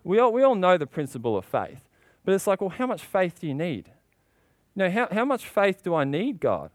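A man's voice: very animated, brisk, no echo. A man preaching a sermon with passion, asking rhetorical questions and getting worked up as he goes. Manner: impassioned, rising in pitch when worked up.

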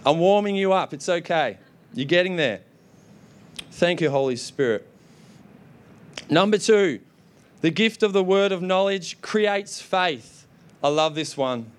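A young adult man preaching a sermon, energetic and exhorting the congregation. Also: high voice, a little slow, long pauses, clear, resonant tone. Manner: energetic, exhorting with repeated "come on".

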